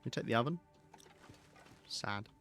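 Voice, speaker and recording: A man giving live gameplay commentary, rambling and thinking aloud with hesitant pauses. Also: mid-range voice, expressive, fairly bright tone, a little hiss or hum. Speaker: game streamer.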